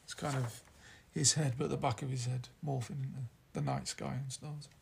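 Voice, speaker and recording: A man's voice: mid-range voice, fairly even intonation, normal speed, creaky, a little hiss or hum. A man with a Yorkshire accent co-hosting a podcast, chatting casually in a rambling, teasing way. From Yorkshire, England. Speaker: podcast co-host. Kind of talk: casual chat.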